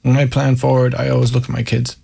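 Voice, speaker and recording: Here the former Gaelic footballer's mid-range voice is warm, creaky, and slightly rough, delivered fast and completely flat in his Irish accent. The County Mayo, Ireland, guest tells candid, self-mocking stories and reflects openly in conversation.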